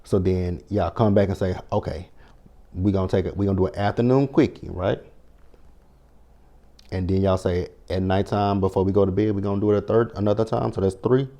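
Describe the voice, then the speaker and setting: A man's voice: low-pitched, fairly even intonation, brisk, warm tone. A man recapping a reality TV show in a sassy, blunt, profane way, quoting his own reactions as he goes. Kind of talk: casual recap commentary.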